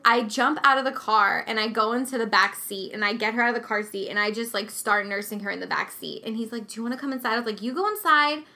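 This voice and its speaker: A woman's voice: on the high side, steady tone, quick pace, hardly any pauses, sharp tone. A woman in casual chat, telling a story with lots of "like" and acting out what everyone said.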